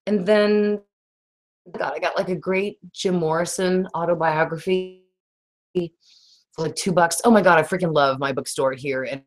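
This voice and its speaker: Lady rambling on a livestream, kinda raspy today, lowish voice. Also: moderate pace. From Texas. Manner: rambling, laughs often, reads viewer comments. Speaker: livestream host. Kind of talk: casual livestream chat.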